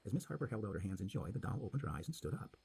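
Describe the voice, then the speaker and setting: A man reading a spooky story aloud with dramatic, expressive narration. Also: fairly low pitch, rapid-fire, vocal fry, breathy edge.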